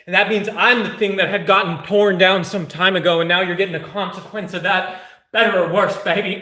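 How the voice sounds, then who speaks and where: High-voiced hyped workout streamer man. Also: fairly even intonation, brisk, bright, forceful tone, roomy sound. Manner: hyped, joking, profane coaching chatter; soothing exercise cues. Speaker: fitness streamer. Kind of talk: casual live workout chat.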